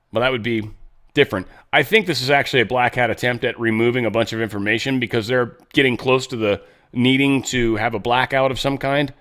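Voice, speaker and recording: A man's voice: medium pitch, fairly bright tone. A man hosting a commentary show, rambling casually about headlines with sarcastic asides. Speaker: show host.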